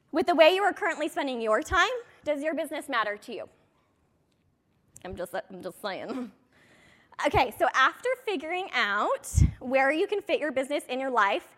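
Woman, 30s, high-voiced direct sales coach, rambling and self-deprecating. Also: a bit bright. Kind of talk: motivational talk to an audience.

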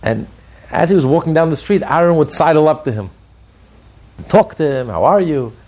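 A man's voice: a little high, animated, moderate pace, darkish tone. A man teaching a Torah lesson as a rabbi who builds his points through repeated, emphatic phrases. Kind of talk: Torah lecture.

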